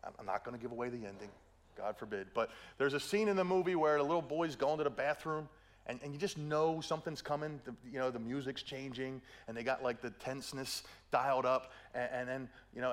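A man's voice: medium pitch, fairly quick. A middle-aged man preaching a sermon, telling stories playfully, acting out quotes and often checking in with "right?". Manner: playful storytelling, acts out quotes, keeps asking "right?".

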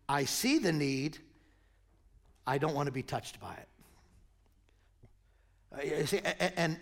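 A man in his sixties, a pastor, preaching a sermon and telling a lively story. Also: a little high, gravelly. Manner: animated storyteller, acts out voices in anecdotes.

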